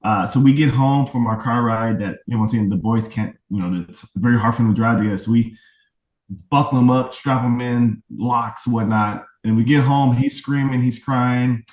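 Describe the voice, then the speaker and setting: A man's voice: medium pitch, steady tone, moderate pace, darkish tone. A man talking earnestly and reflectively as an interview guest, a father of autistic twins, often checking in with "right?". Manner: reflective, earnest, fond of tag questions. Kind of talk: candid conversational interview. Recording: roomy, distant from the mic.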